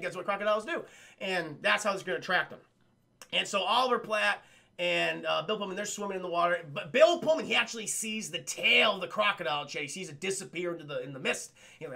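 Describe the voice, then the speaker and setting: A man casually retelling a film's plot to his live chat, swearing a lot, acting out lines and laughing loudly. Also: high voice, animated, fast talker, gravelly. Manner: profane, rambling, acts out lines and laughs loudly. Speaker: streamer reviewing a film for his chat.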